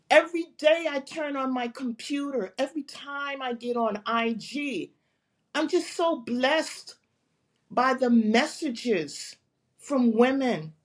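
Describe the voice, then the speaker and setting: Fitness coach in her 70s, interview guest; high-ish, emphatic, slow. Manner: earnest, heartfelt, emphatic. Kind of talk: interview conversation. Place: remote video call.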